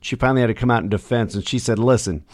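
A man's voice: mid-range voice, very fast, a little mellow, no echo, clean studio sound. A man working as a country radio DJ, talking between songs in a loose, chatty way with rambling asides. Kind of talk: casual radio patter.

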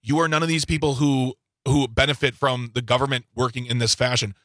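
A man's voice: mid-range voice, fairly even intonation, brisk, fairly bright tone, no room sound. A male panelist posing pointed questions in a political talk show discussion.

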